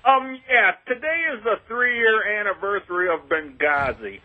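An earnest male caller speaks haltingly over a tinny phone line. His voice sits fairly high. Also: animated. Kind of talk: call-in on talk radio.

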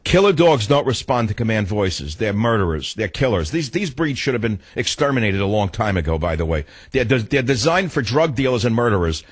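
Blunt new guy ranting through a story, husky voice, dry close sound. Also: lowish voice, very animated, fairly quick, few pauses, no echo. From New York. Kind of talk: opinionated storytelling monologue.

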